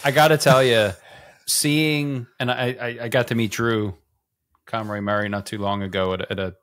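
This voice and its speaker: With a mid-range voice and a moderate pace, a male podcast co-host chats casually with the group. His delivery is animated and rambling, packed with fillers and self-deprecating asides.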